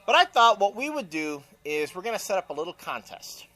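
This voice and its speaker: High bright-voiced man talking casually. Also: big pitch swings, fairly quick. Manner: opinionated, rambling with many fillers. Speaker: co-host. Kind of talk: casual podcast chat.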